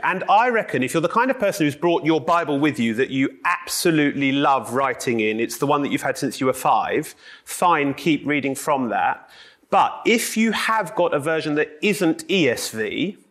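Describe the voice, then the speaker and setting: A man leading a Bible study in a meeting room, pitched a touch higher than most men, with no microphone. He talks to the group in a chatty, joking way, teasing himself along the way. He has a cold. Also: a bit bright. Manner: jokey, self-deprecating, chatty. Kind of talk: informal Bible teaching to a group. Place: meeting room with a live audience.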